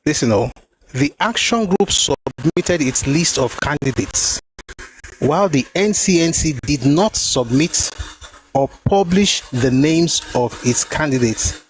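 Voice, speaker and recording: Reading from a book on his talk show, the host hammers home each point by repeating phrases emphatically. He speaks a little slowly in a somewhat high, expressive voice, over slight background noise on a low-quality recording.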